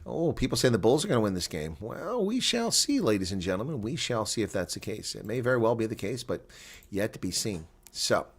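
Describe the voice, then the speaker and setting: A man's voice: lowish voice, animated, fast, husky. A man hosting a casual live rugby watch-along, chatting loosely, laughing often and reading viewer comments aloud.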